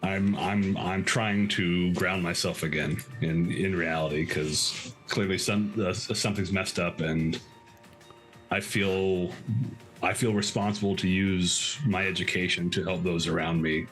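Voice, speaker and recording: Deep-voiced man playing a tabletop character. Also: steady tone, a bit bright, faint music behind. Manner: halting, thoughtful, with restarts. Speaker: player. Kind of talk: in-character tabletop role-play.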